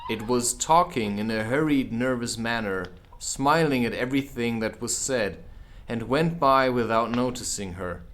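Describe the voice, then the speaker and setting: A man reading a children's classic aloud as an audiobook, with casual asides. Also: medium pitch. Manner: unhurried, expressive, drops in casual asides. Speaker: audiobook reader. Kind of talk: audiobook narration.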